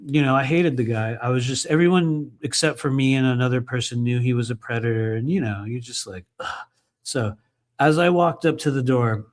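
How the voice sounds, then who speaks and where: A man reading aloud from his own book and breaking off into loose, conversational asides, swearing freely. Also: mid-range voice. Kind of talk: live book reading with casual commentary.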